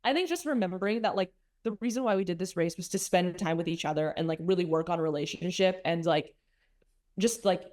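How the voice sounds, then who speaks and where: Rambling young woman with a low voice. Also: brisk, darkish tone. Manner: rambling, filler-heavy, teasing. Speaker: runner-up contestant guest. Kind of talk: casual interview chat.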